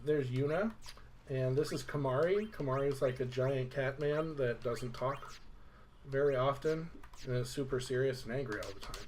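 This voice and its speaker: A man's voice: medium pitch, normal speed, darkish tone, slight background noise. A young man casually recapping a video game story, rambling with lots of "like" and fillers. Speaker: let's play host.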